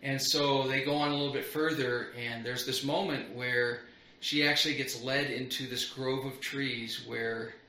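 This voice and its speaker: Earnest middle-aged pastor, bright voice. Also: male voice, mid-range voice, steady tone, measured pace, a little hiss or hum. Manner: earnest, repetitive build-ups. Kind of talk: sermon. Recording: roomy echo.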